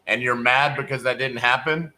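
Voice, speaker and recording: A man from Texas on a sales call, calmly pressing the caller with logical questions. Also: mid-range voice, moderate pace, poor audio. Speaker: real estate wholesaler, host.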